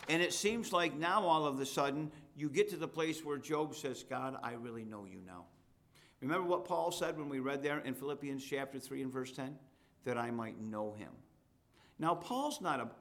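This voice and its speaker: A man preaching a sermon, reading scripture aloud and rising in pitch and force at the high points. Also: fairly bright tone.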